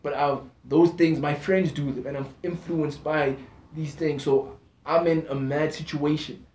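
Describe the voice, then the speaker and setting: A man's voice: a little high, fairly even intonation, a little slow, darkish tone. Talkative man in an echoey room. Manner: talkative, slangy, restarts often. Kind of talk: casual chat.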